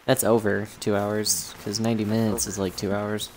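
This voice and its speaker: A man hosting a casual gaming stream, relaxed and chatty with plenty of fillers. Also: lowish voice, normal speed, a crowd in the background, poor audio. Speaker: stream host.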